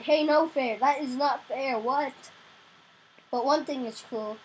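A young woman giving casual gameplay commentary, excitable, crying out in frustration now and then. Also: high voice, normal speed, heavy background noise. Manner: excitable, yelps and cries out in frustration. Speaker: gamer.

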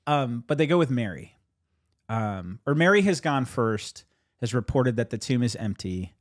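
A man who is a pastor, chatting casually about his sermon as an animated storyteller who laughs often and jumps higher when he quotes people. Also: normal speed, dry recording, studio quality.

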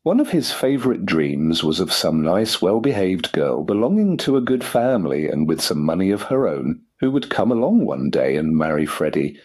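A man narrates an audiobook in a deep, low voice with a husky grain. He keeps his delivery measured and steady, paced so a learner can follow.

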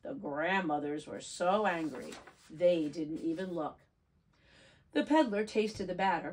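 A preschool teacher reading a picture book aloud to children, gentle and expressive. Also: female voice, fairly low pitch, a little slow, husky.

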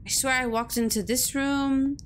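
A young woman streams a spooky game with live commentary, her voice sitting a little high. She startles easily, swears without a filter and scolds whatever lurks on screen. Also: steady tone, normal speed, a little hiss or hum. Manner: jumpy, swears freely, talks back to the game.

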